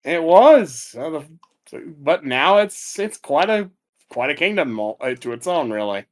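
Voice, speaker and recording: A man co-hosting a podcast in casual chat, animated and quick to laugh. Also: a little high. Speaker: podcast co-host.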